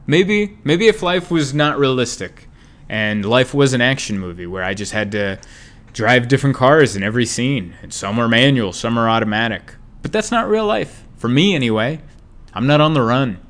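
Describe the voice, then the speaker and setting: A young man chats through his solo comedy podcast in a loose, rambling way. His delivery is jokey and sarcastic, with his voice jumping high and loud, then dropping low and quiet as he riffs. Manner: wide swings in pitch and loudness. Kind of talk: casual solo podcast monologue.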